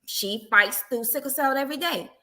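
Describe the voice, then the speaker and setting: A middle-aged woman speaks as a guest evangelist. Her tone is bright and clear, and she tells stories with animation. She talks about faith in an easy, conversational way. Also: sits high, moderate pace. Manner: animated storytelling, acting out everyday quotes. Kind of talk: casual faith testimony.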